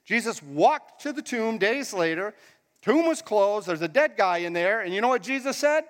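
A man's voice: extremely high pitch, lively intonation, normal speed, fairly bright tone. A man preaching a casual, conversational sermon in a church hall, asking the crowd questions as he goes. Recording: long hall reverb.

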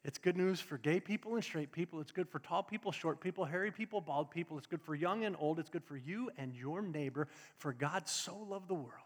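A male pastor with a high voice preaches a live sermon. He talks straight to the congregation and climbs to emphatic peaks. A long church-hall reverb trails after his words. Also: fairly quick, few pauses.

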